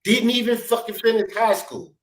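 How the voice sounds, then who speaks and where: A man's voice: very high-pitched, moderate pace, echoey room, low-quality recording. A man hosting a talk show, ranting bluntly and profanely in heated commentary. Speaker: sports talk show host.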